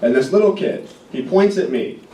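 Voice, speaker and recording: A young man from Indiana doing a stand-up set with self-deprecating, deadpan punchlines. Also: fairly high pitch, normal speed, a little hiss or hum. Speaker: stand-up comedian. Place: comedy club stage. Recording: roomy club recording from far off. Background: audience laughter.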